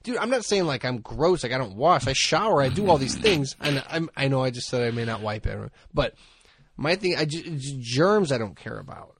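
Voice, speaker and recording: A man's voice: medium pitch, expressive, moderate pace, a bit bright, slightly rough, dry recording. Man, podcast co-host, rambling comic storyteller, dry mic. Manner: rambling, self-mocking, laughs often. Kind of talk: casual comedic chat.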